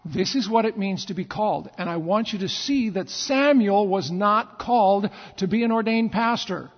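A pastor telling stories in a sermon, with repeated phrases and dramatic pauses. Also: male voice, sits high. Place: church sanctuary. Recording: long church reverb, dull lo-fi sound.

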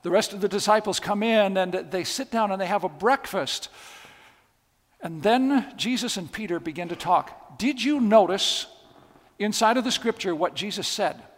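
A man's voice: high-pitched, expressive, moderate pace. A man preaching a sermon, telling stories with emphatic, repeated phrases. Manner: storytelling, emphatic and repetitive. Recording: long hall reverb.

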